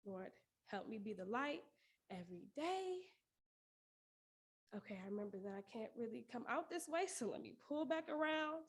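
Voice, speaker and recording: A woman with a high, light voice performs a spoken word piece framed as a prayer. She speaks earnestly and pleadingly, and laughter keeps slipping into her lines. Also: lively intonation, normal speed, long pauses, husky. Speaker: poetry performer.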